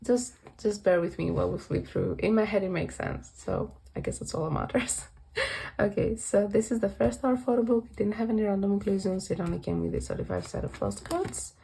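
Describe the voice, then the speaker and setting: A woman's voice: mid-range voice, fairly quick, gravelly, mellow, breathy edge, low-quality recording. A woman chatting casually as she flips through her collection binders, rambling and correcting herself with little laughs, her voice a bit worn as she is losing it. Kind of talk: casual vlog walkthrough.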